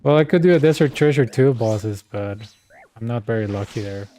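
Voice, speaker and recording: A man's voice: mid-range voice, moderate pace, warm tone. A man streaming a game, chatting casually and telling rambling stories full of slang and filler words. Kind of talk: casual chat while gaming.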